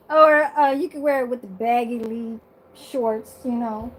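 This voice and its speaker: A woman's voice: fairly high pitch, takes it slowly, fairly bright tone, rough recording. A woman vlogger chatting casually to her viewers from her bedroom, sassy and blunt, swearing freely and laughing often.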